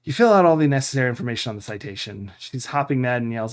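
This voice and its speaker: A man's voice: medium pitch, animated, fast talker, few pauses. Man rambling over a game playthrough. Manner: thinking aloud, rambling with fillers. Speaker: streamer. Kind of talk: live game playthrough commentary.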